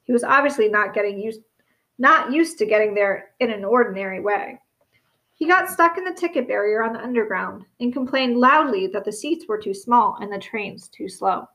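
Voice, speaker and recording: Expressive woman narrating a storybook. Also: a little high, moderate pace, poor audio. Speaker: audiobook reader.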